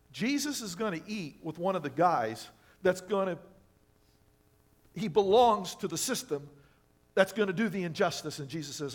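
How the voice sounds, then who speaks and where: A man preaching a sermon as pastor. He talks animatedly, asks the congregation rhetorical questions, and swings between loud emphasis and quiet asides. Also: high voice, lively intonation, normal speed, pauses often. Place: church sanctuary.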